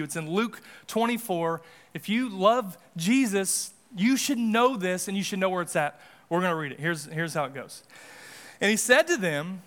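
A man's voice: high-pitched, a bit bright. A man pastor giving a casual, conversational sermon in a church, with frequent restarts and asides. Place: church sanctuary.

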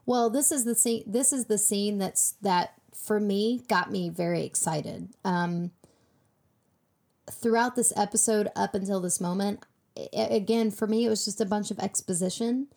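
A woman co-hosting a casual TV recap chat, animated and acting out quoted lines. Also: medium pitch, normal speed, vocal fry. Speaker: podcast co-host.

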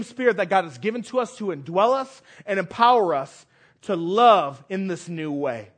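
High-voiced man preaching with emphasis. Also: expressive, moderate pace. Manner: emphatic preaching with repeated phrases and big swings between loud and quiet. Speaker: pastor. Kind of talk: sermon.

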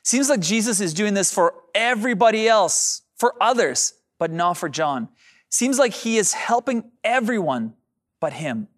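A man's voice: high-pitched, very animated, a little slow, fairly bright tone. A man preaching a sermon as pastor, addressing the congregation directly and drawing out key phrases for emphasis.

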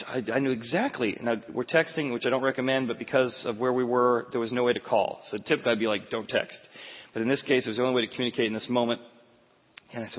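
A man's voice: mid-range voice, racing, slightly rough. A man in his forties preaching a sermon, telling personal stories in an earnest, confessional way. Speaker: pastor. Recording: phone-like sound with long hall reverb.

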